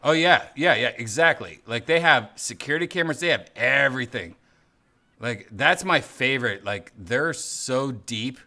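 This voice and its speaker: A man's voice: mid-range voice, lively intonation, normal speed, bright, forceful tone. A man hosting a casual podcast chat, rambling and acting out quotes in funny voices. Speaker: podcast host.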